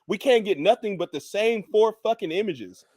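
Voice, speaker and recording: A man's voice: high voice, animated, normal speed, darkish tone, no echo. A man hosting a podcast, ranting in casual chat with lots of profanity. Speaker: podcast host.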